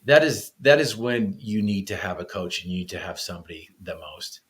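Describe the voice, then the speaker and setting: A man's voice: deep voice, expressive, brisk. Earnest man telling a personal story. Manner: earnest storyteller with frequent restarts. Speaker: podcast guest.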